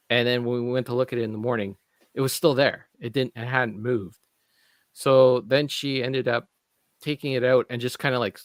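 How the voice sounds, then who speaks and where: A man's voice: mid-range voice, no room sound. Canadian guy rambling thru a story on a podcast, lots of ums, medium voice, dead dry sound. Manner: rambling storytelling with many fillers and restarts. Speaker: podcast co-host. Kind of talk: casual chat.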